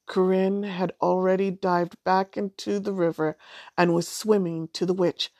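Woman, storybook narrator, slow measured reading, low-ish voice, dry close recording. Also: little pitch movement, a little mellow, no room sound. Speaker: audiobook narrator.

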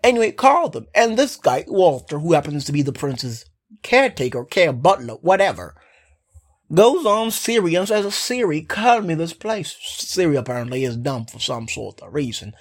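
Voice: medium pitch, big pitch swings, normal speed. A casual, sarcastic film recap that rambles with frequent asides, swears, and then apologizes for it. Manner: sarcastic, rambling, keeps saying "anyway".

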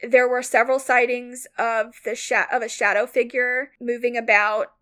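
A woman co-hosting a podcast, casually retelling a story with lots of "like" fillers, rambling and animated. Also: a little high, moderate pace. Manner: animated, mock-outraged retelling. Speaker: podcast co-host.

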